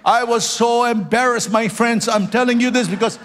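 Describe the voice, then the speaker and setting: A man's voice: very high voice, steady tone, normal speed, fairly bright tone. A man who is a pastor, preaching a sermon with personal stories and rising into fervent prayer. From Singapore. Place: church hall. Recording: church hall with long reverb.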